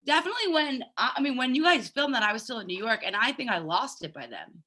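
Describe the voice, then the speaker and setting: A woman's voice: on the high side, sing-song, fast, bright, forceful tone. A woman from Delaware County, Pennsylvania, hosting a casual podcast chat and telling rambling stories with plenty of swearing, talking from an office. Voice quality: swears freely, rambling storyteller. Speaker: podcast host. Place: funeral home office.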